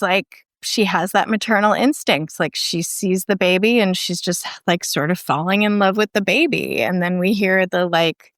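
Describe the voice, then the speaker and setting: A woman's voice: mid-range voice, fairly bright tone, clear, resonant tone, no room sound, clean studio sound. A woman filmmaker, a podcast guest, retelling a film plot in casual chat and filling it with "like".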